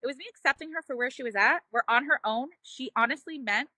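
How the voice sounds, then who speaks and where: High, bright earnest woman. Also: fast talker, dry recording. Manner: earnest, emotional, frequent "like" and "you know". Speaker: parenting guest, mother. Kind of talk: heartfelt personal storytelling.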